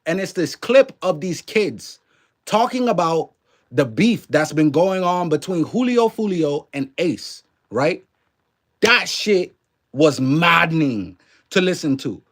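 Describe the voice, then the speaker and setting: Slow but very animated, a slightly high, a bit bright male voice hosts a loose live stream in a blended New Orleans and Canadian accent. He curses freely and says hello to viewers by name.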